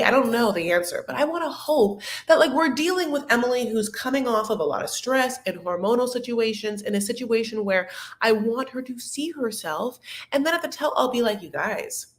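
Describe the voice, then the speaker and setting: Woman, casual recap host, rambling, tangents, swears freely, echoey room. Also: fairly high pitch. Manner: rambling, chatty, full of "like" and tangents. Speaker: host of a reality TV recap show. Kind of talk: casual live recap chat.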